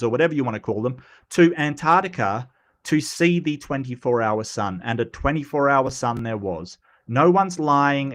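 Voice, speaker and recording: A man's voice: medium pitch, fairly bright tone. An Australian man from Western Australia hosting a casual livestream, rambling through opinions with many ums and restarts while he answers chat comments. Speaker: livestream host.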